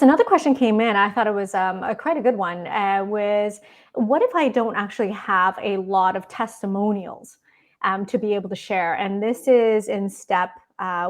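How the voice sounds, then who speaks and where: A woman co-hosting a live online lesson on a video call, passing on audience questions in brief, friendly replies. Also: medium pitch. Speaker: co-host reading audience questions.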